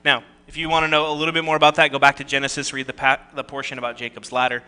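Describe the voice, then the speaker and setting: A man's voice: medium pitch, level tone, rapid-fire, sharp tone, smooth. A man preaching a conversational sermon, reading scripture and adding joking asides and rhetorical questions. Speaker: pastor.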